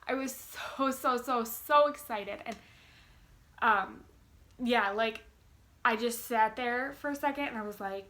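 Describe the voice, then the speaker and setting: A woman's voice: on the high side, unhurried, bright, forceful tone. A young woman in her twenties chatting to camera, bubbly and giddy, with lots of fillers and restarts. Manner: bubbly, gushing, many fillers. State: giddy with excitement. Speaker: vlogger. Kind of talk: casual chat to camera.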